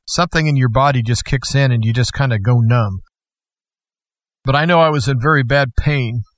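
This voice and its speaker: A man telling a personal testimony in an earnest, deliberate storytelling manner. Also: mid-range voice, fairly bright tone, no room sound.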